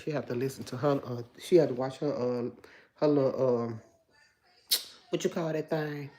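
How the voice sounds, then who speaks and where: With an extremely low, mellow voice and fairly even intonation, this woman speaks at normal speed while hosting a casual livestream. She's a Memphis, USA native with a country Memphis Southern accent, chatting and answering viewer comments aloud.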